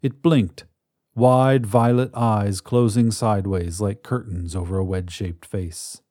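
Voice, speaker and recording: A man gives scripted narration of a science fiction story in a measured, dramatic way. His voice is low and mellow with fairly even intonation, and it's recorded close and dry with no room sound.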